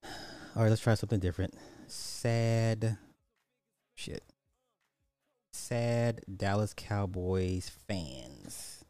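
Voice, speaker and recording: A man, ranting in casual commentary, loose and animated, swearing and repeating himself. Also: on the low side, extremely slow, pauses often, no echo, faint music behind.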